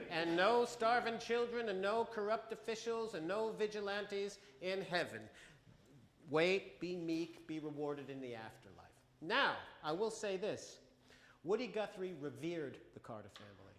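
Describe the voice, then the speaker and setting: Wry high-voiced man lecturing in a hall. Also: a bit bright. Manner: conversational and wry, with halting restarts. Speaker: lecturer and folk singer. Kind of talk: museum talk with sung examples. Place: museum hall. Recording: echoey hall with guitar. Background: acoustic guitar.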